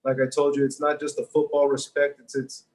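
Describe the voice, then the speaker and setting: A man, a high school football coach, speaking in an earnest, sincere, measured way over a video call. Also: monotone, a little mellow, rough recording. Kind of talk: casual remote interview.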